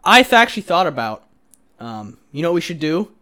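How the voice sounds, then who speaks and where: Young male co-host, drunk, crude, jokey, very lively intonation. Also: a little high, fairly quick, clear, resonant tone. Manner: crude, joking, argumentative. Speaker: podcast co-host. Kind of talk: casual chat.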